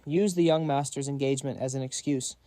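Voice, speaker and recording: A man's voice: medium pitch, steady tone, fairly quick, mellow, dry recording, studio quality, close to an everyday voice. A man voicing a cold, commanding woman strategist.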